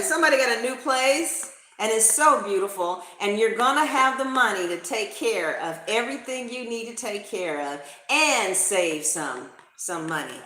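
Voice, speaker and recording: Brief: woman, casual tarot reader, blunt and profane, bright tone, roomy echo. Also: high-pitched, expressive, a little slow. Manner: slangy, profane, emphatic.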